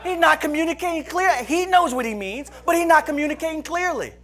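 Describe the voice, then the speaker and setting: A pastor delivers a humorous church sermon in a very high-pitched, brisk, slightly bright voice, with some chatter in the background. He tells stories playfully, laughing often and imitating his friends' voices.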